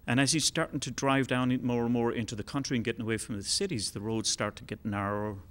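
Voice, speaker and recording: A man telling a long joke on stage in a relaxed, rambling way, with fillers. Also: mid-range voice, fast talker. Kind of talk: told joke, live storytelling. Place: concert hall.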